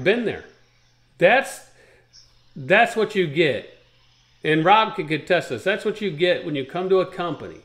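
A man's voice: a little high, a bit bright, roomy sound. A man hosting a trucking talk show, rambling in a folksy way and walking listeners through charts step by step. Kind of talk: casual radio talk show chat.

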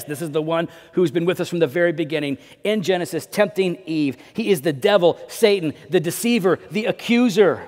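Pastor guy preaching, pretty high voice, big swings loud to quiet, long echo in the church. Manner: dynamic preaching, swings between loud emphasis and low drops. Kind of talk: sermon. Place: church sanctuary.

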